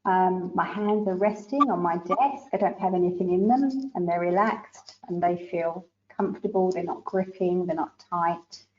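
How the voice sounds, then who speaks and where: Relaxed Australian woman interviewer, faint hiss. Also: lowish voice, moderate pace, few pauses, muffled recording. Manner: relaxed, answering plainly.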